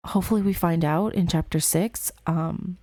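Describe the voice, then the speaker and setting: A woman's voice: fairly low pitch, moderate pace, mellow, no echo, clean studio sound. A young woman hosting a gaming video, chatting casually and emotionally about the story as she plays. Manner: rambling and emotional, many fillers and sighs. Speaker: gaming channel host. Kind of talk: casual game commentary.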